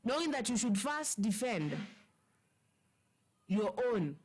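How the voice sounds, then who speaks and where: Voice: medium pitch, very animated, takes it slowly, a little hiss or hum. A speaker with a Kenyan accent in casual political chat, agreeing and chiming in as co-commentator.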